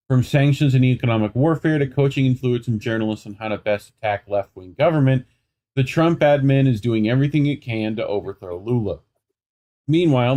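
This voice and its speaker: A young man co-hosts an independent news program in a casual, conversational way, his voice sitting at an ordinary middle pitch. He reads passages aloud, then breaks off into sarcastic, riffing commentary. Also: warm tone. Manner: sarcastic, riffing asides between quoted passages. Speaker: news show co-host.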